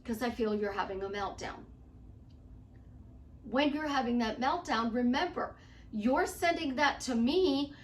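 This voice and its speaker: High-voiced chatty woman life coach. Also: fairly bright tone, distant mic. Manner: emphatic, chatty, acts out quoted clients. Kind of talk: motivational talk to camera. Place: at home.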